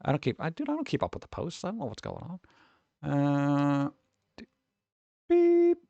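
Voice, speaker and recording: Gravelly-voiced man rambling to his stream chat. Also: on the high side, huge pitch swings, fairly quick, a little mellow, dry recording, muffled recording. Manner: rambling, swears freely, talks straight to chat. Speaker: streamer chatting with live chat. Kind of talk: casual rambling livestream chat.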